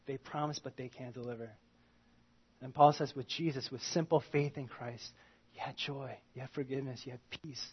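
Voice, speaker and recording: A man preaching a sermon in a conversational, animated way, swinging from loud emphasis to quiet asides. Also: medium pitch, moderate pace, breathy edge, lo-fi sound. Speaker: pastor.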